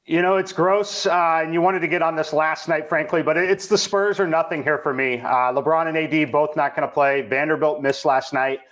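A man on a sports betting panel, laying out his analysis in a measured way with hesitant restarts. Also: on the high side, steady tone, fairly bright tone. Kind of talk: casual panel chat.

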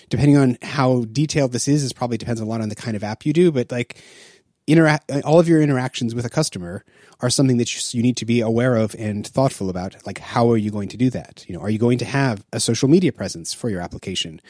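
A man's voice: mid-range voice, fast, dark tone, no room sound, studio quality. A man co-hosting a casual podcast discussion, rambling with many fillers and restarts. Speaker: podcast co-host.

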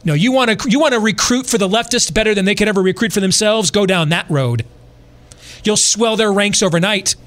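In a high-pitched, fairly bright voice and at a slightly fast pace, a middle-aged man hosts a podcast, sermonizing passionately on politics and firing off rhetorical questions.

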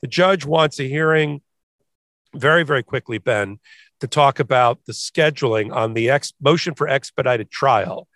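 A man's voice: medium pitch, normal speed, a bit bright, dry recording. Lawyer guy on a podcast, emphatic, does little voices for quotes, dry mic. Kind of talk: legal commentary chat.

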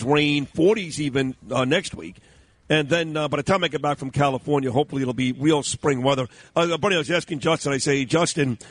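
Upbeat radio host with a higher voice. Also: male voice. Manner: jokey, upbeat, quick to laugh. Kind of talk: morning radio talk. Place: radio studio in New York City.

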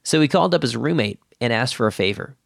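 A man's voice: mid-range voice, animated, quick pace, creaky. A man hosting a casual interview, narrating briefly and asking short follow-up questions. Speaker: host.

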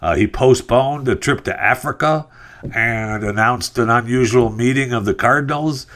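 A man's voice: medium pitch, moderate pace, fairly bright tone. A middle-aged man hosting a podcast, rambling through news stories with sarcastic asides and lots of fillers. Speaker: podcast host. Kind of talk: casual news commentary.

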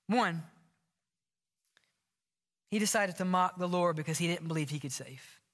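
Bright-voiced preaching pastor, echoing sanctuary. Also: male voice, high-pitched. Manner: impassioned preaching, dropping to a whisper for emphasis. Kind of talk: sermon. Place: large church sanctuary. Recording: long hall reverb.

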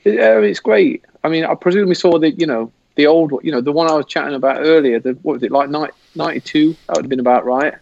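English man, podcast guest, rambly storyteller, slightly high voice, dull call audio. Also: quick pace, vocal fry, few pauses, no echo. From England. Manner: rambling, laughing, animated retelling. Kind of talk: casual storytelling. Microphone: video call.

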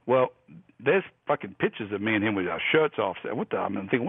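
A profane, animated storyteller from Australia, a man in his fifties. His voice is husky and dry, heard through a tinny phone line. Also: lowish voice, fast talker, dry recording. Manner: profane, animated yarn-spinning. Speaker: guest golfer. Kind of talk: storytelling anecdotes.

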